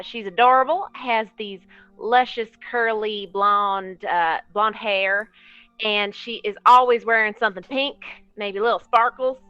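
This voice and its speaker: A woman player in a tabletop game describing her character in a relaxed, cheerful way. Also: fairly high pitch, clean tone, no room sound, muffled recording.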